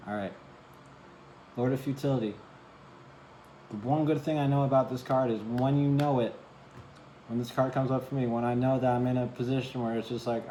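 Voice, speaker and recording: A man's voice: medium pitch, steady tone, a little fast, long pauses, dark tone, echoey room, slight background noise, rough recording. A man giving a casual tarot reading to camera, chatty, often asking "right?" and apologizing for cursing. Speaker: tarot reader.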